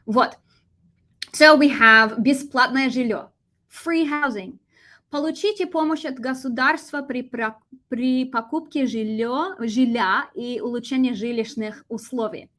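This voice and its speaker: A young American woman with a lively, animated delivery, teaching a Russian vocabulary lesson and switching between English and Russian. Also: on the high side, unhurried. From United States.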